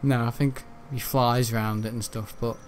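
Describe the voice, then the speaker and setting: Speaking at normal speed in a steady, mid-range voice, this gaming video host chats from his bedroom, a young Brit joking, laughing often, and swearing without restraint. A faint hiss or hum sits under the audio.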